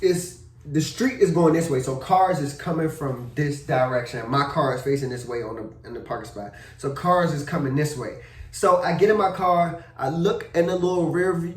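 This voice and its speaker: A young man from Maryland telling a car crash story in a casual vlog, animated, full of slang and cursing. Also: fairly high pitch, far from the mic. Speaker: vlogger. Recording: roomy echo, a bit off-mic.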